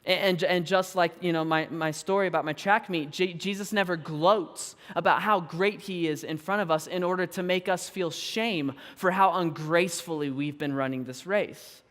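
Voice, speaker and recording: A pastor in his thirties tells a story from the pulpit, animated and quick to laugh at himself. His voice sits high for a man. The sound carries the long reverb of a big church hall. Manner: animated and self-deprecating, laughing often. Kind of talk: storytelling sermon. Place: large church auditorium.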